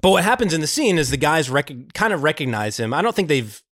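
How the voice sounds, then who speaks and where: A man talks through a movie with his co-hosts, his pitch rising and falling with real animation. He acts out scenes in quick bursts and laughs often. The sound is close and dry. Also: big pitch swings, fairly bright tone, no echo. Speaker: podcast host. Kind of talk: casual film chat.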